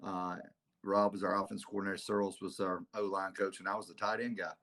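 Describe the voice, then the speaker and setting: A head football coach, appearing as a guest on an interview, tells stories casually in a fairly quick, gravelly voice. He's an animated storyteller who acts out quotes with big jumps in pitch.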